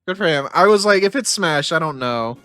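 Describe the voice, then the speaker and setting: A man's voice: fairly high pitch, expressive, brisk, sharp tone, faint music behind. A man streaming his reaction to a game showcase, overexcited and teary, exclaiming and repeating himself. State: teary, says he is in tears. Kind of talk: excited live stream reaction.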